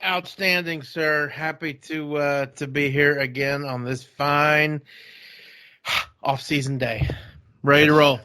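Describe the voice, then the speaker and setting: A man's voice: on the high side, fairly even intonation, slow, bright, forceful tone, clean tone, dry recording. A man, co-hosting a podcast and telling jokey, folksy stories in casual chat. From Texas. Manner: jokey storyteller, folksy phrasing. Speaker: podcast co-host.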